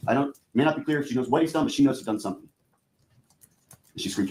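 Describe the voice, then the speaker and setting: A prosecutor addresses a jury in a courtroom, a man of ordinary pitch laying out the evidence piece by piece. He keeps turning back to the jurors, telling them what they are going to see and hear, in a steady, methodical delivery. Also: quick pace. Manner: addresses the jury directly, repeating "you're gonna". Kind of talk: courtroom opening statement.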